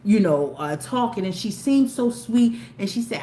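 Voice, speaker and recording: A woman livestreams on YouTube, telling her viewers a long, chatty story that keeps wandering and restarting. Her voice is a little high and animated, warm in tone, at a normal speed with hardly any pauses. The recording sounds roomy, with faint background noise.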